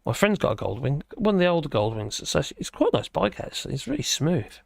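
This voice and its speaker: A man hosts a casual live stream, rambling from topic to topic as he reacts to viewers' comments. His voice sits a little high for a man. The sound is dry and close, with no room echo. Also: very animated, fast, vocal fry. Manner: chatty, rambling, reacts to chat comments with chuckles. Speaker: livestream host.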